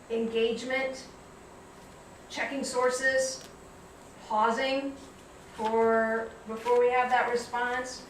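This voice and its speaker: Woman giving a talk, kinda high voice, storytelling, big echoey hall, mic far off. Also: slight background noise. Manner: reflective, storytelling, measured. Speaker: guest speaker. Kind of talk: public talk. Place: lecture hall.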